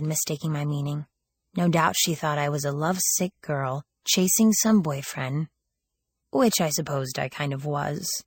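A woman narrating a first-person audiobook in a wry, lively storytelling manner. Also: deep voice, measured pace, slightly rough, no echo, clean studio sound.

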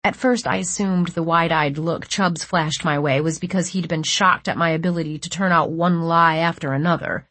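A woman with a lowish, breathy voice narrates a story in the first person, tense and measured. The recording is close and completely dry, with no room sound. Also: steady tone, a bit bright, dry recording. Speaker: audiobook narrator.

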